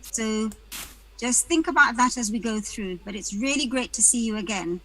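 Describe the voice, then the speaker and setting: Female webinar host from the UK, chatty and welcoming on a video call, bright tone. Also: a little high, normal speed, low-quality recording. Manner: chatty, greets attendees by name, self-deprecating jokes.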